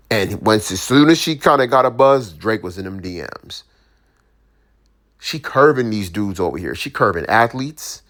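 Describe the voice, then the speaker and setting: A man's voice: deep voice, a bit bright. A man giving his opinions in a casual, slangy monologue, full of restarts and asides to the listener. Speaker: commentator.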